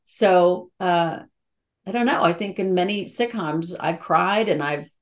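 A woman's voice: fairly low pitch, unhurried. A middle-aged woman, an actress, talking candidly and emotionally in a casual interview, with many fillers and restarts. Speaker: actress guest.

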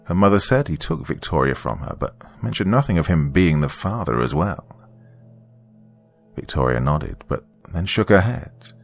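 A man narrating a first-person story in a subdued, measured way. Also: very deep voice, expressive. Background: faint music.

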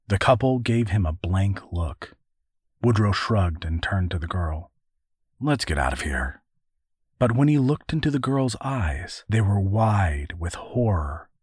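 A man narrating an adventure story in a measured, even audiobook reading. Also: lowish voice, husky, dry recording, clean studio sound.

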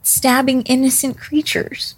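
A woman's voice: high-pitched, level tone, measured pace, husky, dry recording, poor audio. A woman playing a tabletop game, teasing and amused in casual chat. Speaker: player.

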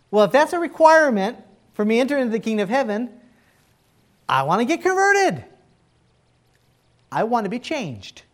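Lively, animated male pastor preaching. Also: extremely high pitch. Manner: animated, conversational preaching with call-and-response. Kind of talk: sermon.

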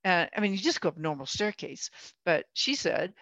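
A woman's voice: on the low side, lively intonation, brisk, a bit bright, dry recording. A woman in her sixties in casual conversation, telling stories chattily, acting out quotes and laughing often. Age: 60s. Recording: dull dry lo-fi sound.

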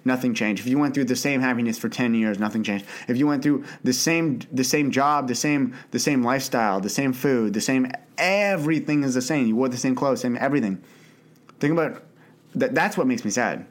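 An earnest young man talks unscripted into his own podcast mic. He rambles and restarts sentences, dropping the odd swear word, in a voice of ordinary middle pitch. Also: fairly quick. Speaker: podcast host. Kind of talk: unscripted solo podcast monologue.

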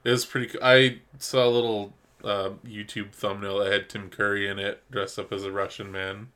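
A man co-hosting a podcast in casual chat, excitable, laughing and swearing often. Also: lowish voice, normal speed. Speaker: podcast co-host.

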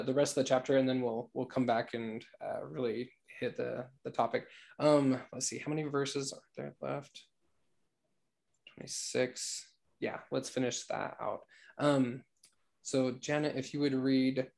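Gravelly-voiced man leading a scripture study. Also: mid-range voice. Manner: relaxed, easygoing, halting with fillers. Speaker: study group leader. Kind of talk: scripture study discussion and reading aloud.

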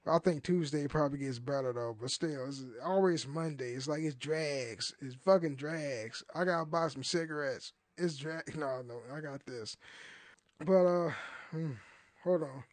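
A man's voice: a little high, unhurried, no echo. A young man hosting a solo podcast, rambling and swearing in casual talk, laughing often and restarting his sentences. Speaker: podcast host.

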